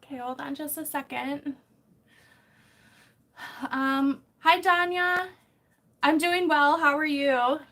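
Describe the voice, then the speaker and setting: A woman's voice: high-pitched, slow pace, pauses often, pushed and bright. A young woman hosting a casual live stream from home, greeting viewers by name and apologizing often, picked up by a camera set some distance away.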